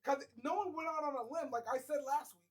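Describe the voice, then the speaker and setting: A man's voice: very high voice, fairly quick. A man co-hosting a casual hip hop podcast, reading viewer comments aloud and joking along with the debate. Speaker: podcast co-host and comment reader.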